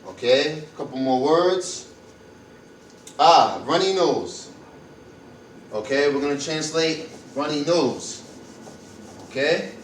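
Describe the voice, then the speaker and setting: A man's voice: on the high side, animated, takes it slowly, long pauses, reverberant, far from the mic, slight background noise, poor audio. A man teaching medical Spanish vocabulary in an informal class, repeating and spelling words out and thinking aloud as he goes. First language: English. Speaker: Spanish teacher for health workers.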